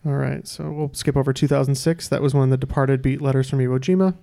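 A man hosts a trivia round on a casual podcast. His voice has a gravelly edge and a middling pitch. He reads the questions slowly and deliberately, with plenty of "uh" fillers. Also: steady tone, warm tone. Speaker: quiz host.

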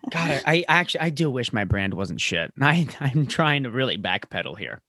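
Mężczyzna, prowadzący podcast, żartobliwy, jasny ostry głos, suche nagranie. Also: male voice, mid-range voice, very animated, moderate pace, husky, dry recording, studio quality. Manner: playful, jokey, acts out quotes loudly. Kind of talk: casual podcast chat.

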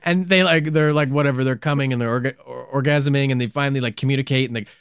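A man's voice: medium pitch, steady tone, fast, clear, resonant tone, no room sound, clean studio sound. A man co-hosting a podcast in casual, crude, joking chat, and laughing often. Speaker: podcast co-host.

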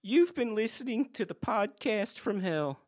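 A woman's voice: mid-range voice, lively intonation, a little slow, very noisy. A woman reading a comedy podcast's end credits, stumbling over a guest's name and laughing.

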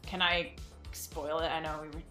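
A woman's voice: low-pitched, level tone, normal speed, bright, forceful tone, reverberant, soft background music. A woman guest on a podcast, chatting casually and bluntly with lots of filler words. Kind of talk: casual chat.

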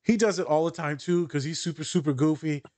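A man's voice: a little high, a little fast, darkish tone, no echo. A man hosting a casual podcast chat, easygoing and affirming, steering the talk along. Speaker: podcast host.

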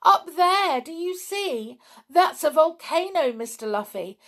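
A woman voicing an excitable, easily frightened young girl who cries out high and breathless. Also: slow, creaky, full character voice.

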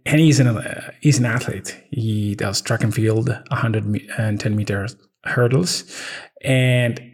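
A man in his thirties with an Italian accent, chatting casually as a podcast co-host, halting with many ums and restarts. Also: on the low side, husky. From Italy. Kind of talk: casual chat.

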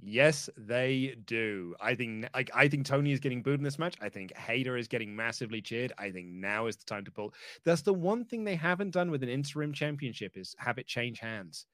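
A man's voice: mid-range voice, animated, a little fast, few pauses, a bit bright, no room sound, studio quality. A man co-hosting a casual wrestling podcast, thinking aloud with restarts and laughs. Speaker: podcast co-host.

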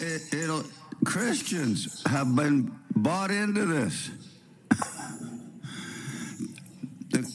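A man with a raspy, lowish voice hosts a spiritual radio show, sniffling from a cold. He rambles preachily, firing off rhetorical questions and restarting sentences, over a slight hiss or hum.

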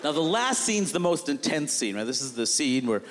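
A man doing stand-up comedy storytelling on a live stage, animated and exasperated, acting out the people in his story. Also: on the high side, moderate pace, slight background noise. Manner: animated, exasperated, acts out quotes. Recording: long hall reverb with audible room ambience. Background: audience laughter.

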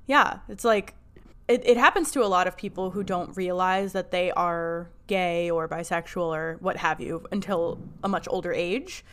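A woman with a New Jersey accent co-hosting a casual podcast, upbeat and quick to agree and laugh. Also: fairly low pitch. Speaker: podcast co-host. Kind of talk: casual chat.

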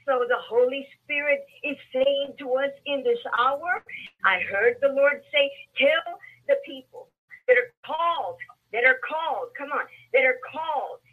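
A woman's voice: high voice, a little slow, narrow, tinny audio. A woman preacher delivering a sermon, emphatic and repetitive, calling out to the congregation for responses.

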